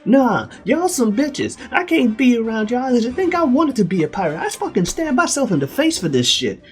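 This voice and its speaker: A man's voice: very high-pitched, very animated, normal speed, faint music behind, voice pushed up. A man voicing a cocky, whiny young boy who dreams of being a pirate. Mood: brash.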